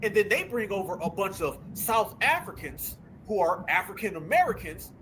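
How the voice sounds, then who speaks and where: A man hosting a political commentary show, talking in an animated, sarcastic, slangy way. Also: high voice, moderate pace, faint music behind. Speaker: host.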